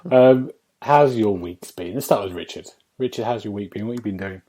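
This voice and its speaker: A man's voice: on the low side, a little fast, dark tone. A man hosting a casual gaming podcast, introducing guests and teasing them with jokes. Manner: jokey, teasing banter. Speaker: podcast host.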